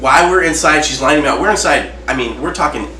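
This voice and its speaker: Casting: animated storyteller guy, bright voice, echoey room, mic a bit far off. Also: on the high side, fast. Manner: animated, laughing, swearing a lot. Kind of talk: casual story chat. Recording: echoey room, distant mic, faint hiss.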